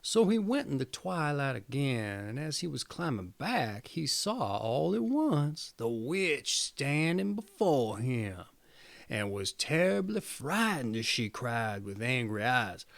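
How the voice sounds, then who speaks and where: A man reading a fairy tale aloud in an expressive, swooping storytelling manner. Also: mid-range voice, slow, vocal fry.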